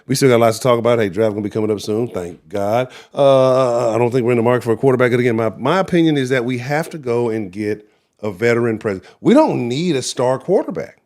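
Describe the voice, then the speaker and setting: A man's voice: mid-range voice, animated, quick pace, darkish tone. A young adult man, hosting a live-streamed sports talk show in a heated, profane rant.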